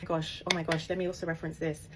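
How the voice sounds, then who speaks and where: A woman telling a personal story in a casual, animated way, emphatic and laughing as she goes. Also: low-pitched, fast, background noise. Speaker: author and podcaster.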